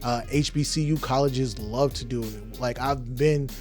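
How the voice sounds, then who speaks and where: A man's voice: mid-range voice, unhurried, soft background music. A man hosting a podcast, delivering an emphatic, profane, heated opinion rant. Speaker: podcast host.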